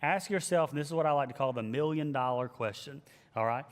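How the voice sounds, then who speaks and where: A man who is a pastor, giving an emphatic, animated leadership teaching and repeating his key phrases. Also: mid-range voice, a little fast. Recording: long hall reverb.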